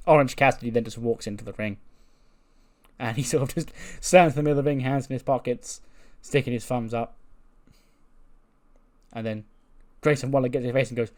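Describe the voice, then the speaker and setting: A man's voice: medium pitch, brisk, pauses often. A man hosting a wrestling management game video, casually narrating the storyline and acting out the promos. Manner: lively, acts out promos.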